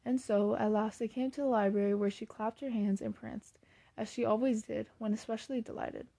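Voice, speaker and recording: Brief: woman audiobook reader, fairly high, gravelly, mellow, dry, steady storybook narration. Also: fairly quick, dry recording. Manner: plain, steady reading with small slips and self-corrections.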